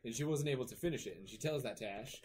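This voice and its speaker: A man's voice: medium pitch, rapid-fire, a little mellow, a little hiss or hum. A man co-hosting a casual movie podcast, retelling scenes and acting out the characters' lines. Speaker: podcast co-host.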